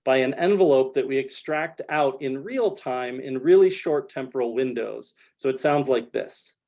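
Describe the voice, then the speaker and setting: A man giving an academic research talk over slides, explaining in a measured way with frequent "kind of" fillers. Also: medium pitch, creaky, dark tone, slight background noise.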